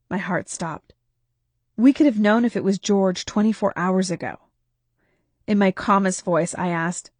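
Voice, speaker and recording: A woman author reading her own novel in first person, lively, her voice leaping up on questions and exclamations. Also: a little slow, long pauses, no room sound. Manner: expressive, pitch jumps on questions and exclamations. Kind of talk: first-person audiobook narration.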